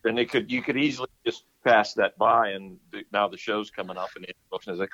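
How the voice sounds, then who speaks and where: A man's voice: lowish voice, a little fast, fairly bright tone, dull audio. A man co-hosting a casual chat, rambling through a list with fillers. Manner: rambling, lists things off with fillers. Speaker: podcast co-host.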